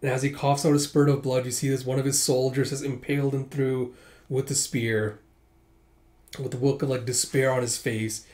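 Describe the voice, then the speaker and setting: A man's voice: medium pitch, flat delivery, moderate pace, a little mellow. Brief: man, casual read-aloud narrator, conversational, fillers. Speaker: manga reader and narrator.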